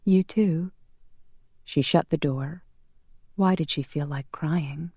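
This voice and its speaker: An audiobook narrator reading a romance in a measured, calm manner. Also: mid-range voice, vocal fry, slightly rough, dry recording, clean studio sound. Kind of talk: scripted narration.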